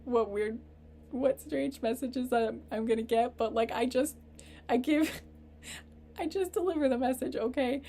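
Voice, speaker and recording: A woman giving a casual tarot reading, rambling and halting, earnest and openly emotional. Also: a little high, mellow. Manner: rambling, halting, full of fillers and restarts. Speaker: tarot reader. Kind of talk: casual spiritual reading to camera.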